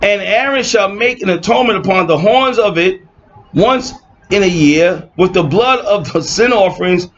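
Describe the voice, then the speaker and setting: With a high-pitched, fairly bright and animated voice at a normal speed, a man reads Bible verses aloud in an informal online teaching, then mocks opponents sarcastically. The recording is dull and lo-fi, with a little hiss or hum.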